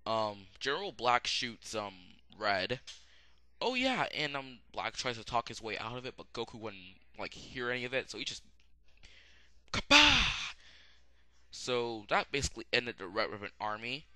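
Rambling young man with a bright voice. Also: medium pitch, normal speed. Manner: rambling, many "um"s, bursts of loud excitement. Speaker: anime reviewer. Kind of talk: casual spoken review.

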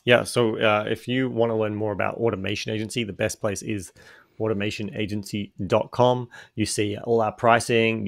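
An Australian man from Sydney, a guest on a podcast, talking in a relaxed, chatty way. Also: on the low side, no echo, studio quality. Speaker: podcast guest, business owner. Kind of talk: casual podcast interview.

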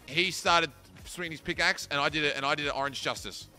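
A man giving live commentary to his chat while playing a tournament match, excitable, swearing and yelling at opponents. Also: on the high side, quick pace, faint music behind. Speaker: streamer playing a battle royale tournament.

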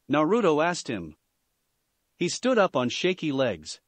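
A man reads a fan fiction story aloud in a plain, steady way. His voice is fairly high and moves around a lot, and the recording is dry and close. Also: measured pace, no echo. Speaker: narrator.

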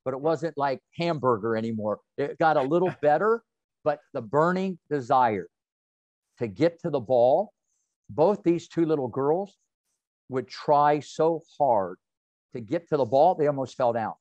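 A man in his sixties, a tennis coach, telling lively, colorful anecdotes in an interview. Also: fairly high pitch, measured pace, no echo. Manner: animated, colorful anecdotes with slang. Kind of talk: interview storytelling. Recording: dull, dry audio.

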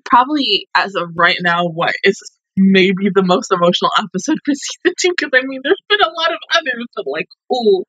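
A woman's voice: mid-range voice, lively intonation, a little fast, few pauses, fairly bright tone, slightly rough, no room sound, highs cut off. Gushing young woman reviewing an episode. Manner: gushing and emotional, many fillers. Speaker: anime reaction host. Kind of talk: casual reaction review.

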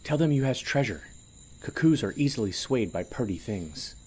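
A man voicing a sly, excitable male fool who talks in rustic broken grammar. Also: mid-range voice, normal speed, husky, pitched above the performer's own voice. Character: giggling scrawny male fool, sly guide.

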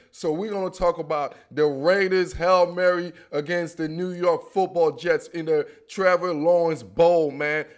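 A young man hosts his own football recap show, talking in a loose, slangy, animated way. His voice sits fairly high for a man. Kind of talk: casual sports commentary.

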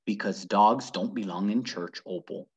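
A man voicing a stern but soft-hearted small-town preacher who speaks low, firm and clipped. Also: a little slow, husky.

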